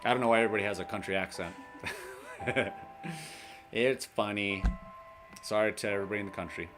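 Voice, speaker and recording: A man's voice: fairly low pitch, fairly even intonation, fairly quick, over music. A man hosting a casual livestream, reading a list aloud, laughing often and chatting with viewers. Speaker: livestream host in recovery.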